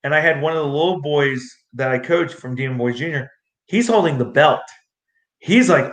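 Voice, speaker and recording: A young man with a fairly high voice tells his stories in a rambling, excitable rush, jumping into what others said as he goes. He is recorded in an echoey room. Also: normal speed, pauses often. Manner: excitable, rambling, acts out quotes. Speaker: guest, amateur street fighter. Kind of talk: casual storytelling interview.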